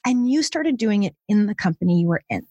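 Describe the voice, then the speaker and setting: A woman's voice: mid-range voice, expressive, mellow, no echo. Woman podcast host and coach, affirming and reflective, mid-range voice, dry close recording. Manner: reflective, affirming, slow and drawn-out phrasing. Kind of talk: podcast interview.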